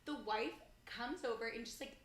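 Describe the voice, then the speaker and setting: A woman's voice: a little high, normal speed, echoey room, a little hiss or hum. A young adult woman co-hosting a podcast, telling a story in casual chat and animatedly acting out the people she quotes. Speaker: podcast co-host.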